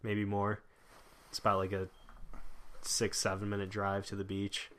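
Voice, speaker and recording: A man's voice: fairly low pitch, monotone, moderate pace, background noise. A young American man in casual chat, rambling with lots of fillers and restarts. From United States.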